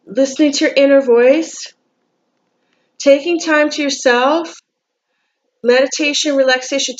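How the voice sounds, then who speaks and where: A woman with a high voice gives a casual tarot card reading in a non-native English accent, captured on a muffled recording. She repeats herself a lot, restarts words, and keeps asking coaxing questions.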